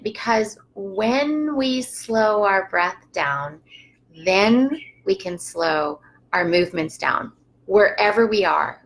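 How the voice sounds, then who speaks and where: A woman teaching yoga on a live stream, gently guiding listeners through a slow breathing practice with soft laughs now and then. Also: mid-range voice, creaky, low-quality recording. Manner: calm, unhurried guidance with frequent soft laughs.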